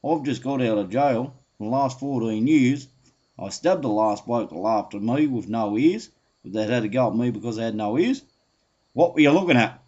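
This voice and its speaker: Menacing aussie ex-con growl, guy putting it on, husky, muffled lo-fi recording. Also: mid-range voice, lively intonation, moderate pace, mellow, pitched below the performer's own voice, lightly acted. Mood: threatening. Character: gruff earless ex-con man at the bar. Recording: dull lo-fi home recording.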